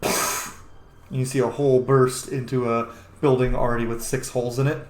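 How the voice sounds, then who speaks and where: A man runs a tabletop game, narrating casually with small halts and fillers. His pitch sits mid-range. A roomy echo surrounds the voice. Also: level tone, normal speed. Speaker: game master.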